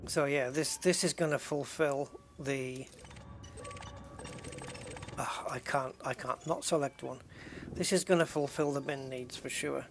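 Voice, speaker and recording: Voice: medium pitch, fairly even intonation, measured pace, long pauses, soft background music. A game streamer giving casual live commentary, thinking aloud, counting items and chatting with viewers. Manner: casual and chatty, with frequent restarts.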